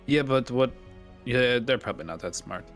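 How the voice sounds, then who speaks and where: A man's voice: medium pitch, expressive, moderate pace, faint music behind. A man playing a tabletop game, joking and rambling in casual talk. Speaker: player.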